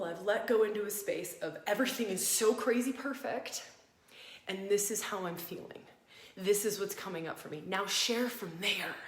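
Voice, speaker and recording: A woman teaching embodied astrology, guiding listeners through a practice in a gentle, inviting way and repeating phrases for emphasis. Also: mid-range voice. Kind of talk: guided practice talk to a live audience. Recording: roomy echo.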